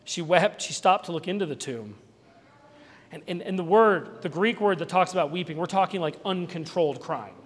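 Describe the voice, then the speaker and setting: A male pastor giving an Easter sermon in a conversational, animated way, with asides and small jokes. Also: high voice, normal speed, in a large hall.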